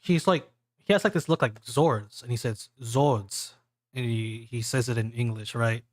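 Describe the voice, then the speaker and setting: A man's voice: medium pitch, expressive, brisk, no echo, studio quality. A man narrating a tabletop game as game master, with loose, chatty phrasing full of fillers.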